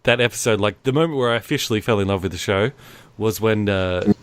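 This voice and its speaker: A man's voice: lowish voice, quick pace, clean tone, no echo. A man who is a guest on a casual podcast, making points and acting out quoted lines in mock voices.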